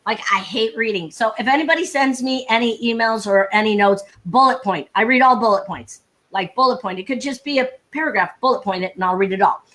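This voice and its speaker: A woman sales coach speaking live over a video call, brisk and emphatic, with frequent laughter and humor. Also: fairly high pitch, fairly bright tone. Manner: brisk, emphatic, laughs often, acts out dialogue. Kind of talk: energetic live talk with humor.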